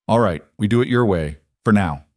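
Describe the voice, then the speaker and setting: A guarded rancher read by a man answers in short, bitter lines. His voice is low and the sound is dry and close. It comes across as a plainly read western audiobook character. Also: animated, moderate pace, a little mellow, dry recording, natural voice. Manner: curt, bitter.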